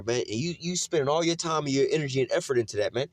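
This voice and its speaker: A man's voice: mid-range voice, animated, very fast, few pauses, no room sound. A man giving an informal scripture teaching, preachy and mocking, full of street slang and cursing. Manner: frequent "man" and "you know what I'm saying". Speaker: religious teacher.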